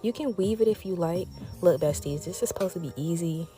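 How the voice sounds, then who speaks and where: A woman's voice: on the low side, fairly quick, dark tone, soft background music. A young woman, chatting casually to her viewers as she cooks, calling them y'all. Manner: chatty, talks straight to viewers, calls them y'all and besties. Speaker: cooking creator. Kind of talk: casual cooking vlog chat.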